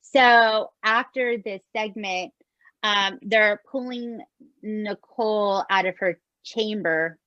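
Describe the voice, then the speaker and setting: A woman co-hosting a podcast, chatting in an expressive way and often asking "right?". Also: medium pitch, takes it slowly, dry recording, muffled recording. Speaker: podcast co-host. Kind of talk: casual chat recapping a show.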